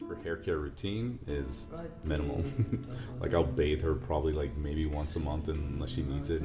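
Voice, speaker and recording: A man calmly explaining how he feeds, grooms and cares for his dog, in plain casual talk. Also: extremely low pitch. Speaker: dog owner explaining care.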